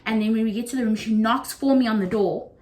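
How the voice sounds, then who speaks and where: A young woman from South Africa with a South African accent, telling a story casually to camera and acting out what others said. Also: quick pace. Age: young adult. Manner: animated, acts out quotes with big pitch jumps. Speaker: YouTuber.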